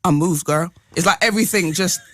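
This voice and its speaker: Quick teasing gossip-hungry interviewer. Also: mid-range voice, a bit bright, no room sound, clean studio sound. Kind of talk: playful interview questions.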